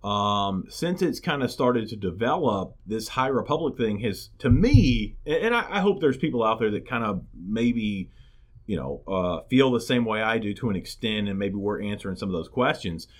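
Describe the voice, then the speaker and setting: A man's voice: lowish voice, animated, normal speed. A man co-hosting a podcast in casual chat, rambling and hesitant and often repeating words. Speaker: podcast co-host.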